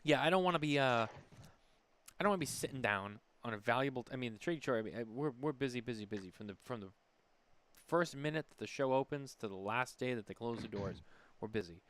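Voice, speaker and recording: Smooth-voiced man in casual podcast chat. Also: medium pitch, animated, fast, fairly bright tone. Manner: conversational, many restarts and fillers. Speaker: podcast co-host.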